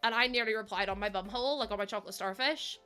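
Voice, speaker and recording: A woman's voice: medium pitch, rapid-fire, bright, forceful tone, soft background music. A young woman chatting casually to her live-stream viewers, giggly and friendly, calling them bestie. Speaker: game streamer.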